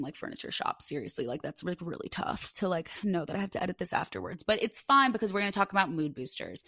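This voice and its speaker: A woman's voice: lowish voice, big pitch swings, quick pace, few pauses, bright, forceful tone, no echo, clean studio sound. A young woman hosting a podcast, talking on her own in a chatty way and saying "like" a lot. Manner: chatty, heavy use of "like". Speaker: podcast host. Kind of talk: solo podcast monologue with a read ad.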